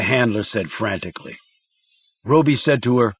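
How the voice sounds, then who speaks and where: A man reading a thriller audiobook in a measured, dramatic narration style. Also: medium pitch, husky.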